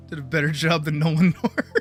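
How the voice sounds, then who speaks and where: A woman streamer chatting casually, swearing a lot and mocking herself. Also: deep voice. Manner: profane, animated, self-mocking. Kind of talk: casual live-stream chat. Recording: faint music behind.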